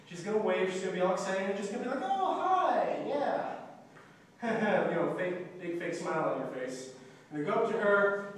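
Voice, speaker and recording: A young man explains stage blocking in a casual way, singing the music cues and acting out the lines. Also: high voice. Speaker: student play director. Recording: echoey hall, distant mic, faint noise.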